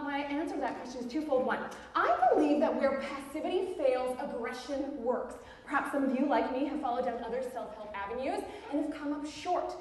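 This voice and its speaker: On a theatre stage, an actress with a high female voice plays a brash, pushy self-help author giving a book talk, breaking into giggly, nervous laughs. This live monologue was picked up by a far room mic in the audience, so it sounds echoey and distant, with slight background noise.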